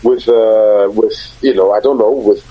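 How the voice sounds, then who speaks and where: Husky man, emphatic, lo-fi. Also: lowish voice, fairly even intonation, unhurried, no room sound. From Nigeria. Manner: emphatic, repeats words while searching for them. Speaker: broadcaster and conference moderator. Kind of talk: casual interview talk. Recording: husky voice on dull lo-fi audio.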